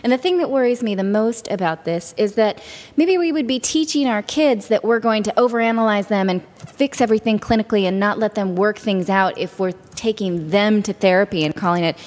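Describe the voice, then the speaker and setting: A woman's voice: medium pitch, brisk, in a large hall. A woman chatting casually on a parenting panel, rambling and searching for words as she talks. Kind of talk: casual chat.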